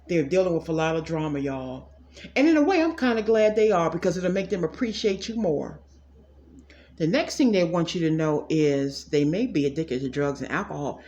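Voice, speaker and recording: A woman's voice: low-pitched, a little mellow, highs cut off. Sassy, blunt woman psychic reader. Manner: sassy, blunt, talks straight to viewers as "y'all". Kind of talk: casual direct-to-camera reading.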